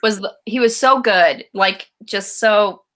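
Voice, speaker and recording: A woman's voice: mid-range voice, takes it slowly, a bit bright. A woman hosting a casual book club chat on a video call, retelling scenes with lots of laughter.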